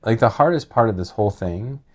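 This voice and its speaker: A middle-aged man with a fairly low voice tells a personal story. He rambles earnestly, restarting sentences and leaning on filler words as he goes. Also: animated, a little fast, slightly rough. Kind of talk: casual emotional storytelling.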